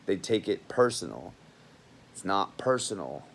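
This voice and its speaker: A man's voice: fairly low pitch, normal speed, a bit bright. A man in his twenties, a college student, talking straight to camera in a heated, rambling, profane monologue. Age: 20s.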